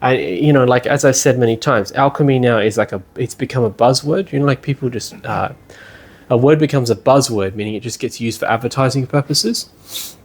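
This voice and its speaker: Man, lecturer, casual classroom talk, conversational, mid-pitched voice, checks in with listeners. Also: fairly quick. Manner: conversational, often checks in with "yeah?" and "you know". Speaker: lecturer at a spiritual study centre. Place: indoor classroom.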